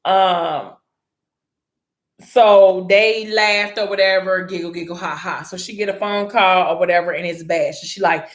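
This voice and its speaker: A young woman casually retelling a story, animated and slangy, with laughing asides. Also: fairly low pitch, unhurried. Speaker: book recap vlogger. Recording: roomy echo.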